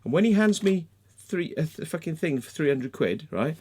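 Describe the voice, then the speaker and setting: Fairly high-pitched and very animated, this male vlogger talks at normal speed with a darkish, breathy tone. His angry rant to viewers is sarcastic and mocking, full of swearing, with "yeah?" and "right?" repeatedly closing out his arguments.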